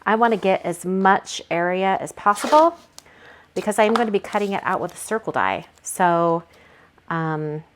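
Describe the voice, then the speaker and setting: A woman's voice: medium pitch, lively intonation, moderate pace, slight background noise. A woman hosting a card-making video, talking casually through her painting steps and thinking aloud with frequent fillers. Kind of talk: casual craft tutorial narration.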